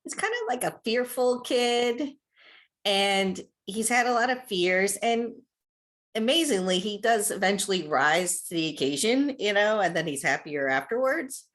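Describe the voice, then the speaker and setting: A woman's voice: medium pitch, lively intonation, measured pace, a bit bright. A woman calling in to ask about her son, hesitant and full of fillers. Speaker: caller, parent. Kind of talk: call-in question.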